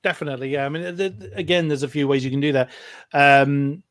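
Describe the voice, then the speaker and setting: A man's voice: a little high, fast talker, fairly bright tone, no echo, clean studio sound. A British man, a guest commentator, explaining his craft in a thoughtful podcast chat with examples. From Britain.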